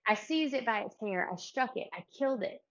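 A woman voicing a bold, indignant young male shepherd in a retold Bible story, her voice rising high and loud. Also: animated, fairly quick, dull audio. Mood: determined.

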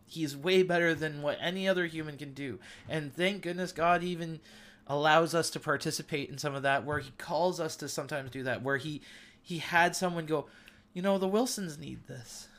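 A man's voice: a little high, normal speed, a bit bright. Earnest man giving devotional talk. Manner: earnest, emotional testimony. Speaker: podcast host.

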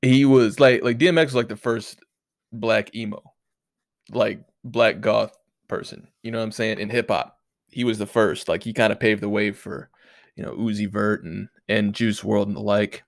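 Solo host, male, stuffy nose, low gravelly voice, loose profane chatter, dry close sound. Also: steady tone, normal speed, no echo. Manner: laid-back, rambling, profane slang. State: nasal, stuffed up from allergies. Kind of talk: casual solo talk.

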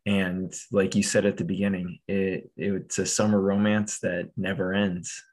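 Deep voiced guy hosting, slow and gentle, keeps restarting. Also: flat delivery. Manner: gentle, hesitant, many restarts. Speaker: podcast host. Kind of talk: supportive interview chat.

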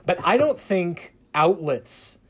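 A man who grew up in the American South speaks as a guest on a casual panel. He talks in a slightly raised pitch and hesitates a lot, restarting his phrases as he thinks aloud. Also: big pitch swings, takes it slowly. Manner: hesitant, many restarts and fillers. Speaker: public radio journalist guest.

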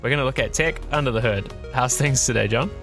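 A man hosting a casual tech podcast from indoors, excitable and laughing often as he talks. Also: medium pitch, fast talker, music in the background. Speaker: podcast host. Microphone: large studio microphone.

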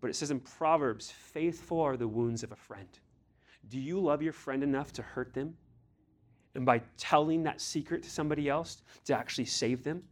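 Earnest preacher man, slightly high voice. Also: moderate pace. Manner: earnest and direct, challenges listeners; acts out scripture voices. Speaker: pastor. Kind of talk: sermon to a youth group.

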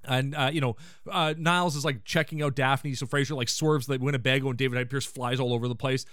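A man hosting a podcast, recapping a sitcom episode in casual chat and quoting the characters in quick put-on voices. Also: medium pitch, fairly even intonation, a bit bright, dry recording, clean studio sound. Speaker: podcast host.

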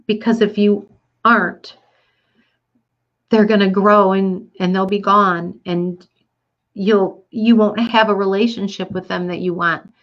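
A woman's voice: medium pitch, steady tone, unhurried, pauses often, dull audio. A woman telling her listeners a personal story in an earnest, reflective way, with frequent fillers. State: getting teary.

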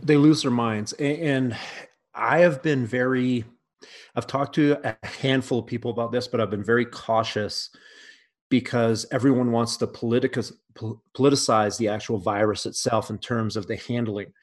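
A man's voice: medium pitch, fairly even intonation, normal speed. A man on a podcast, talking casually in a blunt, profane way with frequent restarts. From United States.

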